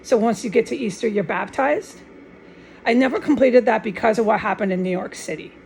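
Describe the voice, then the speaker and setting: A woman's voice: fairly high pitch, fairly quick, a little mellow, poor audio. A woman giving a fervent, rambling religious monologue to camera, often restarting and dropping in Spanish words. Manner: fervent and insistent. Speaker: online video maker.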